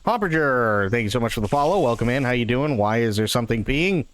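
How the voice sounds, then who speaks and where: Into a close microphone, a fast-talking man with a mid-range voice live-streams a game, chatting casually and cracking jokes in a profane, expressive way.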